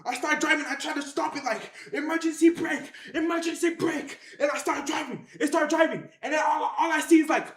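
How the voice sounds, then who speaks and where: Speaking quickly with barely any pauses, this high-voiced narrator spins an outrageous story for the camera in slangy language. Scenes get acted out with sound effects, shouted lines, and repetition, all echoing in a reverberant room.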